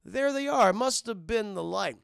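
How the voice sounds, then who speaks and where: A man's voice: sits high, lively intonation, unhurried, vocal fry, clear, resonant tone, dry recording, studio quality, voice pushed up, full character voice. A man doing an overeager fawning shapeshifter. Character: fawning male shapeshifter posing as a son.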